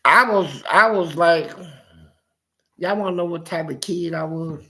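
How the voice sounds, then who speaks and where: His voice is a little high and his pace measured as he chats casually. He's an animated storyteller, sharing life anecdotes and acting out his family's voices.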